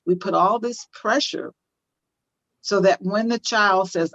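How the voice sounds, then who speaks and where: A woman's voice: medium pitch, lively intonation, normal speed, no echo, highs cut off. An older woman speaking as a parenting guest on a video call, impassioned, repeating phrases for emphasis. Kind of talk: conversational interview, teaching.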